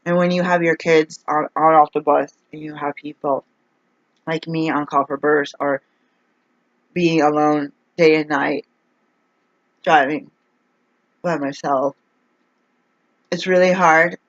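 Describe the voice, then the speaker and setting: A woman's voice: low-pitched, steady tone, takes it slowly, long pauses, dry recording. Exasperated rambling woman, dull dry recording. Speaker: vlogger. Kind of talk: casual vlog rant.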